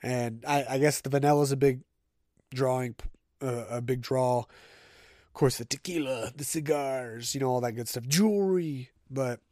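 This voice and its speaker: A man's voice: medium pitch, normal speed, a little mellow, no room sound, studio quality. A man hosting a casual solo podcast, telling stories in a chatty, conversational way. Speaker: podcast host.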